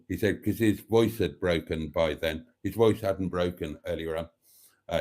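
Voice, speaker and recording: Mellow-voiced man hosting a livestream. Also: sits low, normal speed. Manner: chatty, laughs a lot, rambling joke-telling with asides. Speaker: livestream host. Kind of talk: casual chat, reading comments and telling a joke.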